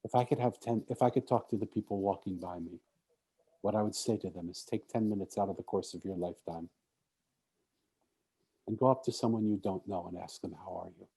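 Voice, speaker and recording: A man's voice: fairly low pitch, fairly quick, pauses often, dark tone, slightly rough. A man giving an inspirational talk at a conference, telling a story and acting out what the people in it said. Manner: storytelling, acts out quoted speech. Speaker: speaker.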